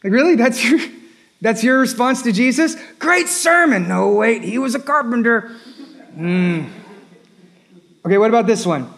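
A man's voice: extremely high pitch, animated, a little slow, fairly bright tone. A man preaching a sermon as a pastor, emphatic and repetitive, rising and dropping his voice for effect.

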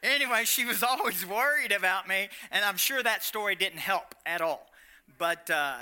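A middle-aged man preaching a personal testimony in a storytelling sermon style, swinging between loud animated stretches and hushed quiet ones. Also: high-pitched, normal speed, clean tone.

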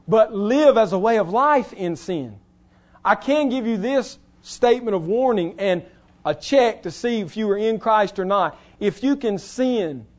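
A pastor preaching a sermon in an earnest, emphatic way, slowing down to stress key phrases. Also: male voice, high voice. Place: church.

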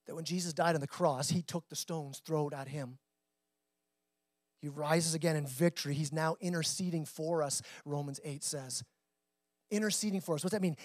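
A man's voice: fairly high pitch, a little mellow, dry recording. A man preaching a sermon to his church in a conversational way, repeating words as he builds and drops his intensity. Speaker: pastor.

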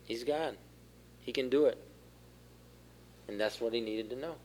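A man giving a sermon as pastor, asking the congregation questions and growing louder at the key points. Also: mid-range voice, a little slow, a little hiss or hum. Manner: asks the room questions, rises in force for key points. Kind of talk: interactive sermon.

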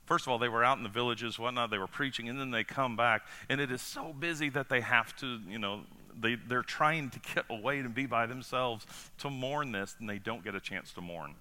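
A man's voice: mid-range voice, brisk, few pauses. A male pastor preaching a sermon in a casual, conversational way, often putting rhetorical questions to the congregation. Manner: casual and animated, asks the congregation rhetorical questions, acts out quotes.

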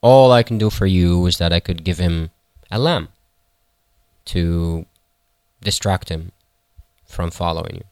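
A man voicing a kindly male shepherd in a folktale who speaks in a resigned, gentle way. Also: low voice, a little slow, long pauses, smooth, no echo, clean studio sound. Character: helpless old-world male shepherd, kindly.

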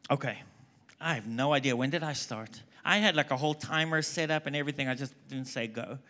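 A man's voice: mid-range voice, measured pace, long pauses. A man preaching at a conference, telling stories animatedly and voicing the people he quotes. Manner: animated storyteller, quoting people in hushed voices. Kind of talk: conference sermon with storytelling.

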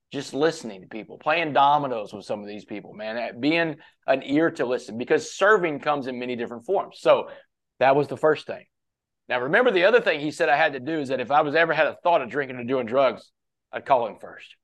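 A man's voice: medium pitch, a bit bright. A man guesting on a podcast, telling a long story in a casual, conversational way, often quoting others and dropping "man" into his sentences.

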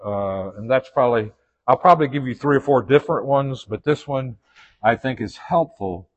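A man's voice: mid-range voice, normal speed, muffled recording. A man with a Southern US accent teaching a church leadership class in a folksy way, with joking asides and frequent restarts. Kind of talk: informal church class lecture.

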